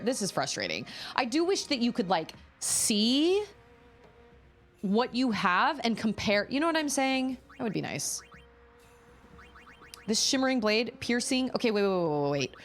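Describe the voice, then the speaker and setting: A woman game streamer chats with her viewers in an animated, sing-song voice that rises and dips freely. She talks casually and thinks out loud while browsing menus, repeating item names to herself. Soft game music plays faintly behind her. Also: a little high. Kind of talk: casual live-stream chat while playing.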